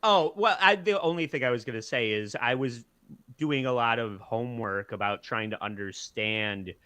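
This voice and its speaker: A man talks on a casual podcast in a mid-pitched, bright, forward voice. He thinks aloud and breaks off to restart his sentences. The recording is dry and close. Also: moderate pace, no room sound. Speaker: podcast guest. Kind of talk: casual chat.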